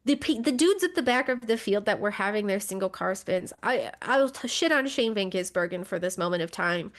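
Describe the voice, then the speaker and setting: A woman's voice: medium pitch, expressive, brisk. Chatty woman podcast co-host. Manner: conversational, with frequent fillers and restarts. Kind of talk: casual chat.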